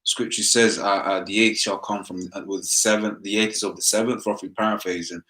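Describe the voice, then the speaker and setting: A man with a London accent in a casual religious discussion who quotes scripture, speaking haltingly with many fillers. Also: lowish voice, steady tone, sharp tone. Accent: London English. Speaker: discussion participant.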